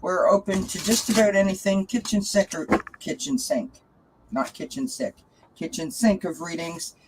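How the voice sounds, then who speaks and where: A woman's voice: mid-range voice, moderate pace, heavy background noise. A chatty woman hosting a live tarot reading stream, greeting viewers, laughing often and cooing to her cat. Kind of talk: casual live-stream chat.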